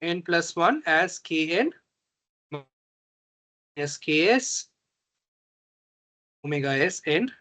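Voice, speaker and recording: A man teaching a reinforcement learning tutorial, slow and halting, often pausing to check that students follow. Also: fairly high pitch, lively intonation, bright, forceful tone. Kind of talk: online math tutorial.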